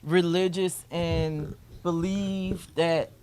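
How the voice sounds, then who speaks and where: A woman's voice: fairly low pitch, fairly even intonation, drawn-out words, mellow, smooth. A woman, casually telling a family story in a talk show and laughing often. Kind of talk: casual chat.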